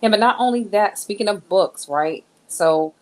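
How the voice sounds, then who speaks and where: A woman's voice: medium pitch, moderate pace. A woman co-hosting a church sermon recap, chatting with viewers and checking in with "right?" and "all right.". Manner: nerdy, enthusiastic about books. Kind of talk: casual church recap talk.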